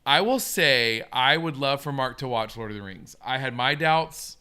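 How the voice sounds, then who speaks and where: A man's voice: mid-range voice, animated, normal speed, bright, forceful tone, clear, resonant tone. A man hosting a casual live stream, chatting eagerly and reacting to viewer comments. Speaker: host.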